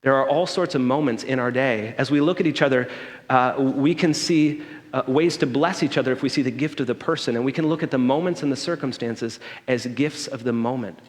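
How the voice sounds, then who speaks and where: A man's voice: medium pitch, brisk. A man giving a sermon in a church, telling a personal story in a conversational way and checking in with the congregation by asking "okay?". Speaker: pastor. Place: church sanctuary. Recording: long hall reverb.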